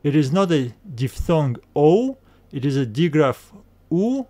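A man giving a recorded language lesson, pronouncing each sound slowly and repeating it, with frequent "uh" fillers. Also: a little high, very animated, mellow, no echo. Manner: slow, careful repetition of each sound. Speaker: Greek teacher.

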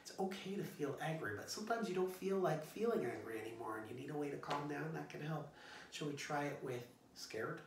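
A man teaching young children in an online singalong, talking gently and encouragingly in a playful way. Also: a little high, expressive, brisk, slight background noise. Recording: roomy echo, distant from the mic, guitar.

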